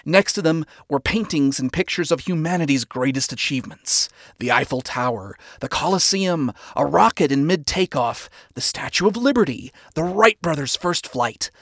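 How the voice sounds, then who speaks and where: A man's voice: fairly high pitch, expressive, moderate pace, hardly any pauses, fairly bright tone, dry recording, studio quality. Man reading fan fiction aloud. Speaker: narrator.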